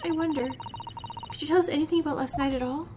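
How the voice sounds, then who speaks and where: A woman's voice: high voice, steady tone, quick pace, background noise, close to an everyday voice. Woman reading a polite young student. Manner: polite, hesitant questioning.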